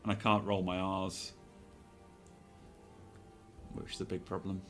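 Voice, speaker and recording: A British man streaming and chatting casually, soft-spoken and rambling off on tangents. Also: low voice, flat delivery, measured pace, soft background music. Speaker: Twitch streamer. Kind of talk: casual chat while streaming.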